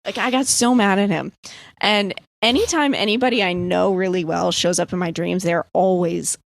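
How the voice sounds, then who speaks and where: Young woman, casual storytelling, lots of fillers, cursing, lowish voice, dead dry room. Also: steady tone, moderate pace, vocal fry, no room sound. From US East Coast. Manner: rambling, filler-heavy, swears freely. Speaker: podcast guest.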